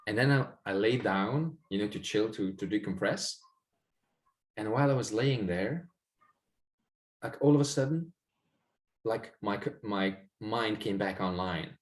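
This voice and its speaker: Guy w a lowish voice, rambling, lots of likes and ums, reflective chat. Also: a little slow, pauses often. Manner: reflective, rambling, many fillers and repeated words. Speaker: guest sharing spiritual experiences. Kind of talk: casual conversation.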